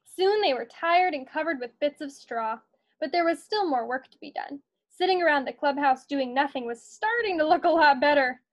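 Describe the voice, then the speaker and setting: A woman's voice: high-pitched, animated, moderate pace. A woman teacher reading a picture book aloud to her students in an encouraging, storytelling manner.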